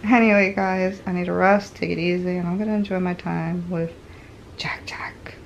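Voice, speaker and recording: A woman's voice: on the low side, fairly even intonation, brisk, vocal fry, highs cut off, slight background noise. A woman vlogger resting at home after a medical procedure, sore and telling the story frankly and with animation. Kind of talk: casual chat to camera.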